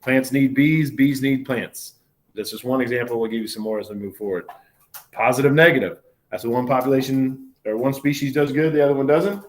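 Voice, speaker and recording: A man's voice: medium pitch, steady tone, fairly quick. A man, a biology professor giving a recorded university lecture in a conversational way, often asking "right?" and correcting himself mid-sentence. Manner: conversational, many fillers and self-corrections, asks "right?" often.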